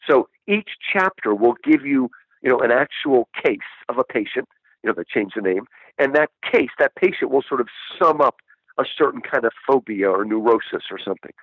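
Enthusiastic and lively, this male guest discusses a book in a mid-range voice with a breathy edge, going a little fast. He asks rhetorical questions and repeatedly tags on "right?". The recording is dull, dry and lo-fi, with no room sound.

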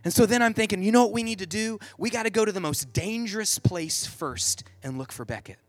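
A man's voice: high-pitched, a little fast, no room sound, soft background music. A middle-aged man telling a personal story in a sermon, then leading into prayer, earnest and vivid with lots of "like". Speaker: Catholic speaker.

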